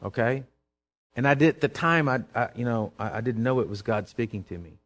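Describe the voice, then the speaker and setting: A man preaching a sermon, animated and storytelling, breaking into sudden loud outbursts. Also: medium pitch, brisk.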